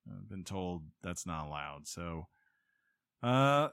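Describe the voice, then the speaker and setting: A man's voice: low-pitched, very animated, slow, gravelly, fairly bright tone, clear, resonant tone, dry recording. A man hosting a podcast in casual chat, joking and rambling with a self-mocking streak. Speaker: podcast host.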